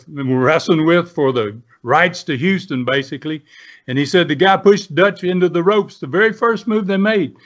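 Older man, folksy rambling storyteller, high-ish voice, muffled lo-fi sound. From United States. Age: 70s. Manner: rambling, folksy, many restarts and fillers. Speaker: guest, former pro wrestler. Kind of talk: casual storytelling. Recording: dull lo-fi sound.

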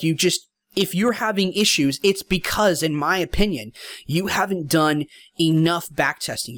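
A young man hosts a solo podcast and gives casual advice in an easygoing, informal way. He comes back to the same points again and again. His voice sits somewhat high and sounds dry and close, with no room echo. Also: fairly bright tone. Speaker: podcast host.

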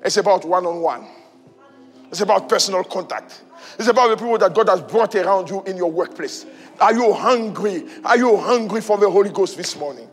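A man preaching a sermon in church, repeating rhetorical questions and rising to shouts. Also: sits high, a little fast, husky. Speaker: pastor. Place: church hall. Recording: reverberant hall with faint music.

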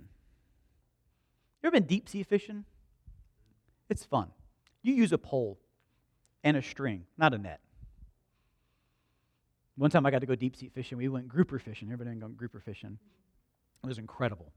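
A man preaching a sermon, telling stories in an animated, conversational and humorous way. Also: mid-range voice, normal speed, pauses often, dry recording. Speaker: pastor. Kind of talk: storytelling sermon.

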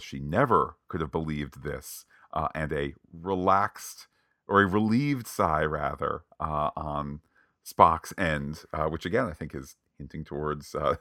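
A man co-hosting a casual podcast, recapping an episode in a playful, animated way with lots of jokey asides. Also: very deep voice, no echo, clean studio sound. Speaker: podcast co-host.

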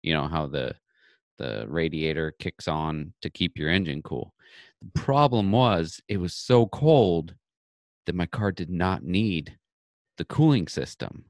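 Deep-voiced man, laid-back chat. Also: expressive, unhurried, dry recording, clean studio sound. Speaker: podcast co-host. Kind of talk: casual chat.

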